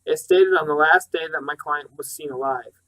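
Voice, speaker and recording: A man voicing a calm male lawyer who reads a will in a formal, measured way, in an audiobook. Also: fairly high pitch, lightly acted, rough recording.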